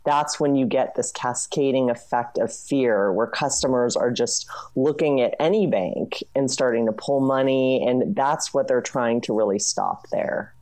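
Very low, dark-voiced woman journalist. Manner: brisk, explanatory, frequent "you know" and "I mean". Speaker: author and journalist. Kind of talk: interview guest explaining.

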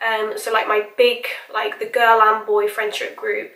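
A woman's voice: on the high side, monotone, measured pace, bright, forceful tone, echoey room, recorded from a distance, a little hiss or hum. A woman in her twenties from England, chatting casually as she does her makeup on camera. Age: 20s. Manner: chatty, informal, with slang like "bloody hell" and "reckon". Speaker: makeup vlogger. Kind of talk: casual get-ready-with-me chat.

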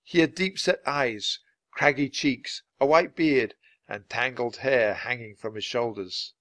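A man reading a children's adventure book aloud, clear and steady for language learners. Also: mid-range voice, a little slow, dry recording. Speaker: storybook reader.

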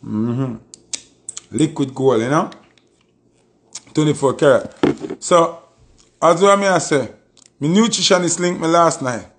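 A man's voice: fairly high pitch, a little slow, pauses often, breathy edge. Emphatic Jamaican man on a live stream. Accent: Jamaican Patois. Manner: emphatic storytelling, repeated oaths. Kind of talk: casual live-stream monologue.

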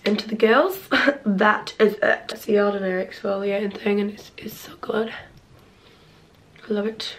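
A young woman talks straight to her camera in a loose, chatty vlog. Her pitch sits in an ordinary middle range, and she fills her talk with "like" and "um" and drops in the odd swear word. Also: level tone, normal speed, long pauses, a little hiss or hum. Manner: chatty, lots of "like" and "um", laughs and swears freely. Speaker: vlogger. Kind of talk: casual vlog chat to camera.

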